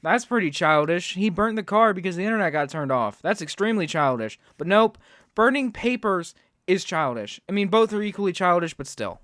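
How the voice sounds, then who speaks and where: A man's voice: high-pitched, animated, fairly quick, fairly bright tone, no echo, clean studio sound. A man hosting a reaction video, talking sarcastically and ranting at what he watches. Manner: sarcastic, ranting, mocks with put-on quotes. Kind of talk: reaction commentary.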